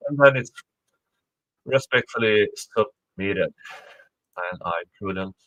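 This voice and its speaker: A man's voice: lowish voice, slow, long pauses, a bit bright, poor audio. A man giving casual livestream commentary, reading out a court motion with rambling, self-correcting asides and sarcastic remarks.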